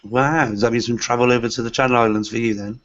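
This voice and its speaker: A man's voice: medium pitch, steady tone, fast, a bit bright. Man hosting a webinar, full of fillers. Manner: hesitant, many "uh" fillers. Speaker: host. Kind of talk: hosting a live online teacher webinar. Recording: lo-fi online call audio.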